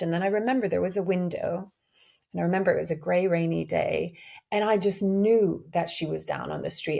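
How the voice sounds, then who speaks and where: A woman's voice: medium pitch, gravelly, a little mellow, husky. A woman hosting a reflective spiritual podcast, speaking earnestly and searching for words with frequent restarts. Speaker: podcast host.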